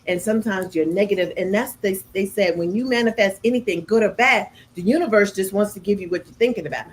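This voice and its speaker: A middle-aged woman, hosting a casual chat and telling stories with lively, acted-out quotes. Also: slight background noise, rough recording. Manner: animated, acts out quotes with big pitch jumps. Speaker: host.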